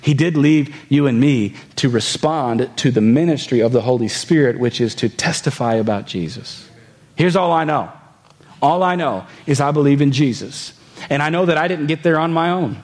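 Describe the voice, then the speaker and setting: A man's voice: a little high, normal speed, darkish tone. A man preaching a sermon in a conversational way. He reads scripture aloud, explains it, and puts rhetorical questions to the congregation. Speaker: pastor.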